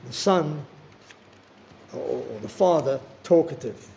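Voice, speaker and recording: Earnest older preacher, gravelly. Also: male voice, on the high side, dark tone, a little hiss or hum. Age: 60s. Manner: earnest, personal, slows for emphasis. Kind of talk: sermon.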